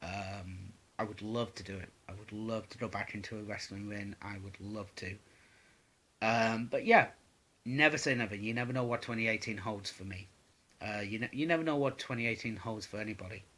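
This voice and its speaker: A man's voice: on the low side, moderate pace, bright, forceful tone. A young man answering viewer questions in a casual vlog, rambling and swearing with lots of "um"s. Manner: rambling, sweary, many fillers.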